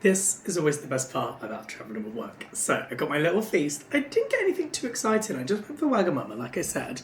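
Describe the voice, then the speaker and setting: A man's voice: a little high, wildly swooping pitch, a little fast, few pauses, heavy background noise. A man, chatting casually and rambling to his vlog camera from a hotel room. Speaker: vlogger. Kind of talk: casual day-in-the-life chat. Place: hotel room high up in a city. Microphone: handheld vlog camera.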